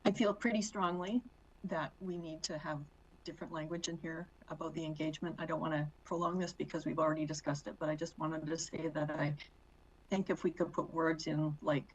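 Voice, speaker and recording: A woman director with a very low, flat voice speaks earnestly about changing wording. Her tone is husky and level. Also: fairly quick, poor audio. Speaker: board director. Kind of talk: meeting discussion.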